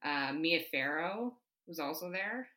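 A woman's voice: low voice, animated, slow pace, sharp tone, rough recording. A woman co-hosting a podcast, chatting casually about history with many fillers and frequent laughs. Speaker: podcast co-host. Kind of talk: casual chat.

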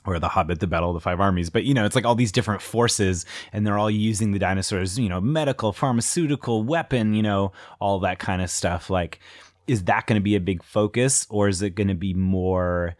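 A podcast host, a man with a deep, low-pitched voice, talks casually and with enthusiasm, often filling gaps with small hesitations. He reads listener emails aloud between his own remarks. The sound is dry and close, with no room echo. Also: brisk. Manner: chatty and enthusiastic, with frequent fillers.

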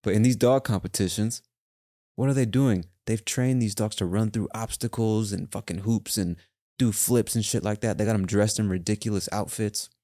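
Low, ranting podcast guy, lots of swearing. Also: steady tone, moderate pace, dark tone, no echo, studio quality. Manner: rambling, profane, ranting. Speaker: podcast host. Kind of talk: casual solo monologue.

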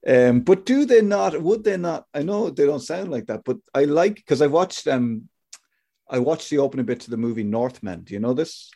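Guy hosting a chatty podcast, mellow warm voice, rambles and jokes around, swears a lot. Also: fairly high pitch, expressive, normal speed, creaky. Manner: rambling, joking, swears freely. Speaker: podcast host. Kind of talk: casual chat.

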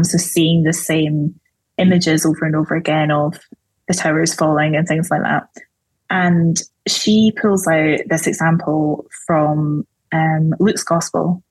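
A woman's voice: low voice, slightly rough, no room sound, low-quality recording. A woman, a theologian guest on a podcast interview, explaining her ideas thoughtfully in a conversational way. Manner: thoughtful, explanatory, with light laughs.

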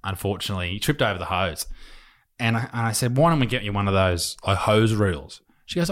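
A man's voice: fairly low pitch, lively intonation, fairly quick. A young Australian man chatting casually as a podcast co-host, swearing freely and laughing as he tells family stories. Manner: crude, swearing storyteller, laughs often. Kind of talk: casual chat.

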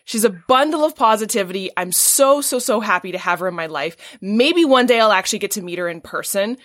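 A woman's voice: medium pitch, lively intonation, a little fast, fairly bright tone, no room sound, clean studio sound. A woman hosting an interview podcast, introducing her guest with effusive praise. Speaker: podcast host.

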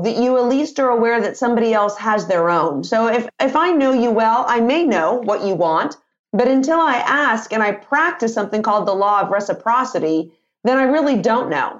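Lively expressive woman in her fifties explaining things, a bit dull sounding recording. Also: a little high. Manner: energetic, expressive, acts out example dialogue. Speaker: author and sales trainer. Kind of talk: interview guest.

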